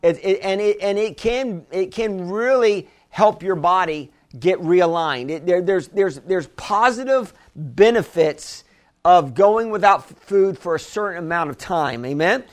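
A man's voice: sits high, lively intonation, a little slow. A man preaching a sermon to his church, talking in a loose conversational way with many restarts and asides, building to emphatic calls. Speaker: pastor.

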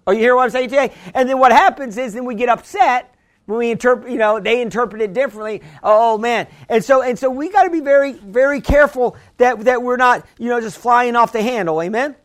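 A pastor preaching a conversational sermon, often restarting phrases and asking the congregation whether they hear him. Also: male voice, very high-pitched, fast. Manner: conversational preaching with frequent restarts and call-and-response questions.

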